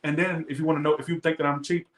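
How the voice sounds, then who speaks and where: A man's voice: fairly high pitch, level tone, racing, echoey room, heavy background noise. A man reading tarot who rants defensively and emphatically to his viewers in casual talk. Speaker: tarot reader.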